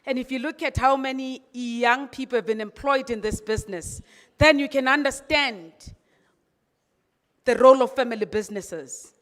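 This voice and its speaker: A woman's voice: sits high, moderate pace, fairly bright tone. A woman with an English accent gives an off-the-cuff speech at an event, full of rhetorical questions and emphatic repetition. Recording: long reverb of an event hall.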